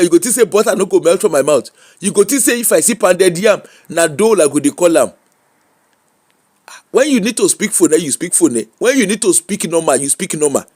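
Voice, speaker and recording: A Nigerian man rants on a live stream in a voice that sits high for a man. He talks in an animated, mocking way and slips into teasing sing-song bits. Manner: animated Pidgin rant, mocking, laughing. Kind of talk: ranting live-stream monologue.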